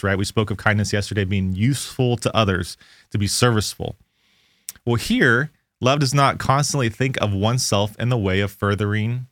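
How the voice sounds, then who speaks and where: A man's voice: fairly low pitch, a bit bright, no echo. A man giving an informal devotional Bible lesson, explaining verses conversationally and correcting himself as he goes. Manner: conversational, restarts and self-corrections while explaining. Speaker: Bible teacher.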